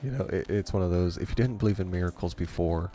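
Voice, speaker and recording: A man's voice: low-pitched, quick pace, warm tone, soft background music. A man hosting a gaming channel, rambling through a story in a casual way and chuckling often between remarks. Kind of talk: casual storytelling over gameplay.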